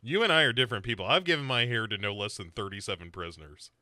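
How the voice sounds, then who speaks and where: Male co-host, animated and bright, dry close mic, jokey recap banter. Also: on the low side, fast talker, no echo. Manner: jokey, acts out characters in silly voices. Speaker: podcast co-host. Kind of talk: casual comedic recap chat.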